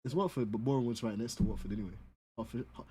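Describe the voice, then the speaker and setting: A man's voice: mid-range voice, very fast, dark tone, slightly rough. A young man from North London with a London accent, bantering casually while sim racing, slangy and often laughing.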